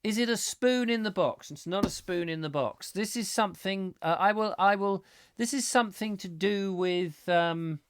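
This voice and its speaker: A man's voice: a little high, no echo, clean studio sound. A middle-aged man hosting a live comic chat show, reading out viewer comments with playful, rambling jokey asides.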